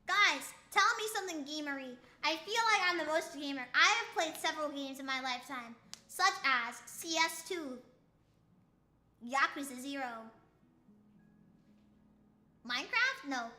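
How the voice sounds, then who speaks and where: A woman's voice: high-pitched, expressive, a little slow, long pauses, bright, forceful tone. A young woman streaming casually, rambling playfully and stumbling over tongue twisters, with a slight lisp on her S sounds. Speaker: VTuber streamer. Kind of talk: casual live-stream chat reading chat.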